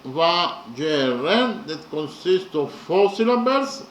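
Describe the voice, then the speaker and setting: Slow, methodical man lecturing in an echoey room. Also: on the high side, sing-song, a bit bright. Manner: slow and methodical, with many pauses and fillers. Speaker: lecturer on poetry. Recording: echoey room with faint ambient noise.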